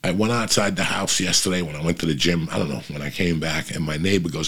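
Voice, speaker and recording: Rambling casually to his audience, this middle-aged podcaster spins lengthy, animated, profanity-laced tales. He talks fast in a low, slightly rough voice.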